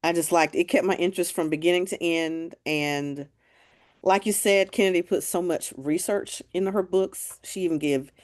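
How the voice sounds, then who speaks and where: A woman with a very low voice speaks simply and directly in a casual book club chat. She gives her view plainly and without fuss. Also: moderate pace.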